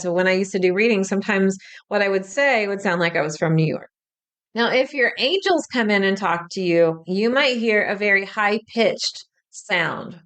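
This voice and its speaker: A woman hosting a spiritual podcast speaks in an easygoing teaching style. Her voice is smooth and resonant. She is chatty and candid, dropping the odd swear word. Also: medium pitch, a bit bright. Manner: chatty and frank, drops casual swearing. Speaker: spiritual medium and podcast host.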